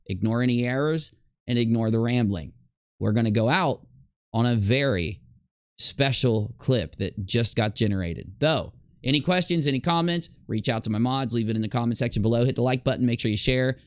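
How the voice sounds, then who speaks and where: A man's voice: mid-range voice, clear, resonant tone, no room sound, clean studio sound. A man talking in a casual, rambling commentary over video clips, stressing his points emphatically. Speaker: YouTube commentator.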